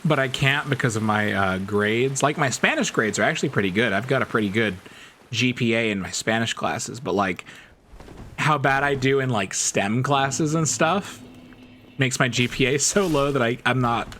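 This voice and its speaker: A man's voice: medium pitch, moderate pace, pushed and bright, slight background noise. A man streaming a game, telling stories in a rambling, chatty way and laughing often. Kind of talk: casual chat while gaming.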